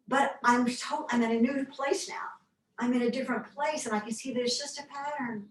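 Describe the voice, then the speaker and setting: A woman reflecting in a thoughtful, halting conversational way, sometimes dropping to soft near-whispers. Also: a little high. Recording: echoey room, mic at a distance, faint noise.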